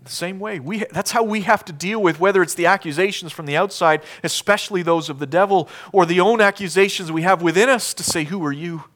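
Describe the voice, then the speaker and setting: A man preaching a sermon as pastor, emphatic, swinging between loud declarations and hushed lines. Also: high-pitched, brisk, hardly any pauses.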